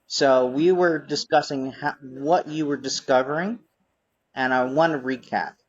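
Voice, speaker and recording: A man's voice: mid-range voice, fairly even intonation, measured pace, dull audio. A man interviewing a guest in casual chat, prompting with short questions.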